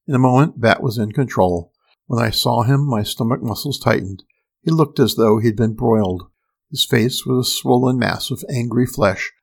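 A man's voice: mid-range voice, creaky, darkish tone. A man narrating a first-person science-fiction story in a tense, dramatic storytelling manner.

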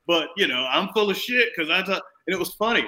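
A man, a comedian turned salesman, telling a profane story in an animated way and acting out the people in it, heard over a video call. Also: high voice, brisk, crowd noise, rough recording. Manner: animated, swears a lot, acts out quoted people.

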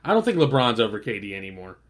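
A man's voice: fairly low pitch, big pitch swings, quick pace. A man in casual sports chat, giving blunt opinions with frequent swearing and laughter.

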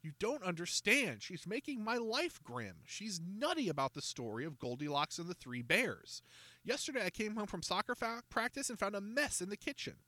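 A man reading a children's mystery aloud, voicing an angry, frustrated boy goalie in a raised, higher voice. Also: no room sound, full character voice. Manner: loud, indignant, pleading.

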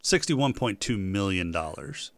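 A man's voice: lowish voice, a little slow, no echo. A man co-hosting a casual podcast, telling a story by stringing the listener along with questions. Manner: animated, builds up stories with questions. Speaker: podcast co-host. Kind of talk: casual chat.

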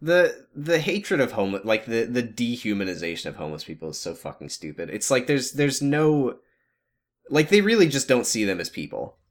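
A man's voice: medium pitch, sing-song, normal speed. A young man co-hosting a podcast, talking sarcastically and swearing in casual chat. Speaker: podcast co-host.

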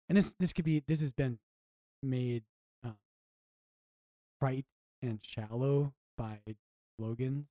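A man who co-hosts a podcast as a priest speaks earnestly and reflectively, often restarting his phrases. His mid-range voice is warm, and the recording is dry.

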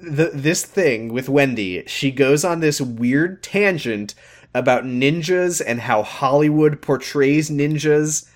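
Animated man recapping a TV show. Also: slow. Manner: animated, acts out characters with high mocking voices. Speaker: podcast co-host. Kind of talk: casual chat recapping a TV episode.

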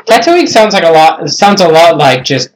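A man co-hosting a podcast in casual chat, teasing and quick to laugh. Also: fairly high pitch, sing-song, slight background noise. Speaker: podcast co-host.

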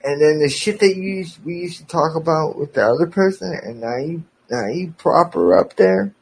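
A man's voice: on the high side, normal speed, gravelly, darkish tone, husky, low-quality recording. A man hosting a podcast, delivering an angry, profane, sarcastic rant aimed at a former friend.

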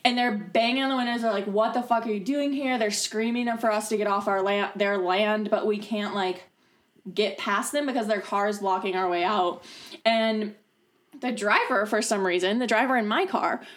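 A woman's voice: mid-range voice, fairly even intonation, normal speed. Chatty young woman telling a story. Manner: chatty, lots of fillers and swearing. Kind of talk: casual storytelling among friends.

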